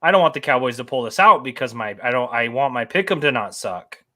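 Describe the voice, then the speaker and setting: A man's voice: medium pitch, lively intonation, fairly quick, pushed and bright. A man co-hosting a casual sports podcast, agreeable and chiming in with short interjections. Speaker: podcast co-host.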